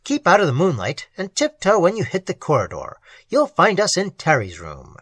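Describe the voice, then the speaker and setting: A bossy young college ringleader who barks curt orders, as a man reading a storybook puts him on. The voice is husky and lively in its rise and fall. It is heard in a dry, close recording. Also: sits high, moderate pace, dry recording, heavily acted. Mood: tense.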